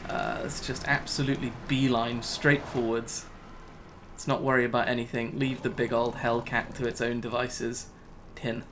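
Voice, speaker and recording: Male gamer, casual commentary, exasperated self-talk, average pitch, faint typing. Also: little pitch movement, moderate pace, noisy background. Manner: self-talking, exasperated, laughs at himself. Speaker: gaming YouTuber. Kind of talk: casual Let's Play commentary.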